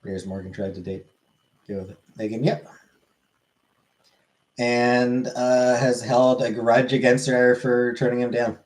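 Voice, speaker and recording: A man's voice: mid-range voice, little pitch movement, measured pace, pauses often, darkish tone, poor audio. A man on a live stream, casually answering questions from chat and swearing freely.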